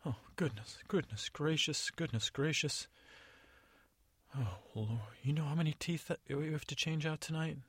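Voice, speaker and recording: A man's voice: on the high side, fairly even intonation, moderate pace, husky, no room sound, voice pushed up. A man voicing a frazzled, overwhelmed female Tooth Fairy in a storytelling podcast, fretful and flustered. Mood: fretting.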